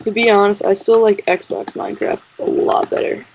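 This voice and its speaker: Excitable female co-host chatting through gameplay, quick to laugh, ordinary mid-range voice. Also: medium pitch, slight background noise, rough recording. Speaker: co-host of a game series. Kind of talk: casual gameplay chat.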